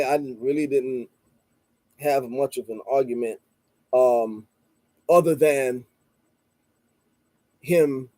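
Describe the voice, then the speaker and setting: A man tells a story in a calm, rambling monologue, leaning on "you know" and trailing off into "blah, blah". His voice sits a little high but sounds mellow and warm. The recording is dry and close. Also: no echo. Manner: calm and measured, stresses listening before responding. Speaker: channel host and street vendor.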